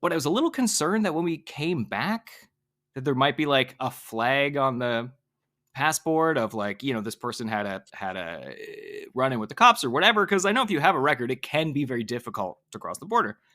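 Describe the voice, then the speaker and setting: A man co-hosting a podcast, telling a story in a chatty, animated way, full of "like" and acted-out quotes. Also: mid-range voice, fairly quick. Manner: animated storyteller, lots of "like", acts out quoted people. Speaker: podcast co-host. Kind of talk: casual anecdote telling.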